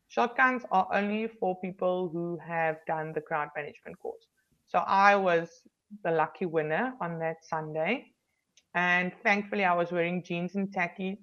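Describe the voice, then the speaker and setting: A woman's voice: on the low side, a bit bright. Chatty South African woman, lo-fi sound. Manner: frank, chatty, frequent ums and restarts. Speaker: police officer. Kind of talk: casual interview storytelling. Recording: slightly dull lo-fi recording.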